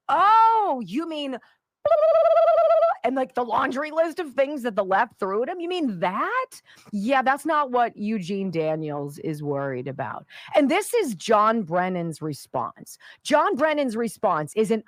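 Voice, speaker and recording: A woman's voice: medium pitch, lively intonation, unhurried, no echo. A woman hosting a talk radio show, delivering a sarcastic, combative monologue.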